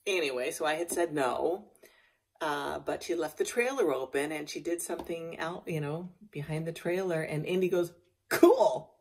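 A woman vlogger telling a rambling, animated story in a casual chatty way. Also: low-pitched, husky.

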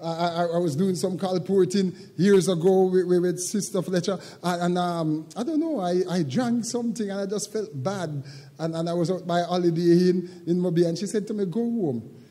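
An older man preaching a sermon as pastor, moving from quiet, halting reflection to loud, shouted preaching. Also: high-pitched, steady tone, long reverb tail. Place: church sanctuary.

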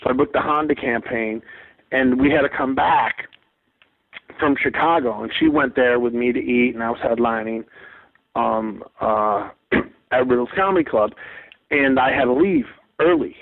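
A comedian in his forties, coming through on a thin, phone-like line, tells stories in a lively casual way. He acts out other people's lines and swears freely, at a voice pitched in the middle for a man. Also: normal speed. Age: 40s. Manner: animated storyteller who acts out quotes, swears freely. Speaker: stand-up comedian and actor guest. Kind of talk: casual podcast chat. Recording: tinny phone-line sound.

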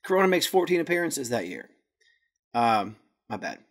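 A man's voice: medium pitch, sing-song, moderate pace. A man hosting a podcast, casually reading through notes with jokey asides and stumbling over Spanish words. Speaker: podcast host.

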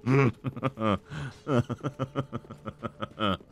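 A man's voice: medium pitch, very slow, creaky. A man streaming gameplay in casual commentary, swearing often, joking and laughing.

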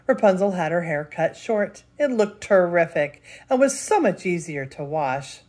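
An older woman, a grandmother, reading a picture book aloud with lively expression. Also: on the low side, measured pace. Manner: expressive, laughs between lines. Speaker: storyteller.

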